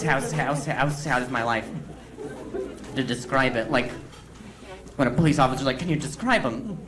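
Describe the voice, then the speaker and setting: A man doing crowd work stand-up, stuttering and repeating sounds as he mocks himself. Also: a little high. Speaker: stand-up comedian. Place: comedy club stage. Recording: live crowd and room noise.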